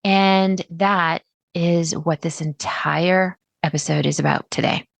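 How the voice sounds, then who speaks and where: A middle-aged woman hosting a solo podcast, chatty and animated, acting out her listeners' words. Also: on the low side, slow, gravelly, no echo. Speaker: podcast host.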